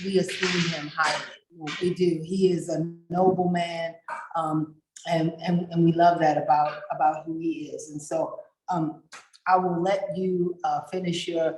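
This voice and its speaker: Woman moderator, slightly low voice, casual chatty delivery, echoey room. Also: darkish tone, a little hiss or hum. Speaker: panel moderator. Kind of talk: casual moderating on a virtual panel.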